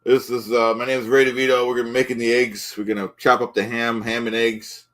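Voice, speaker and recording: A man's voice: mid-range voice, level tone, quick pace, fairly bright tone, lightly acted. A man playing a pompous, touchy middle-aged man who cooks eggs on a live stream, rambling and insisting on his own facts. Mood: blustering. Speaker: livestream host in character. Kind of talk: improvised character comedy stream.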